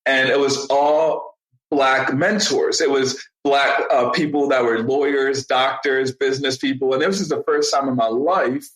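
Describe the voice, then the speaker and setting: Bright-voiced man telling stories. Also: mid-range voice, measured pace, roomy sound, low-quality recording. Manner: animated storyteller, acts out quotes. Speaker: podcast guest, digital marketing strategist. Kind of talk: casual interview storytelling.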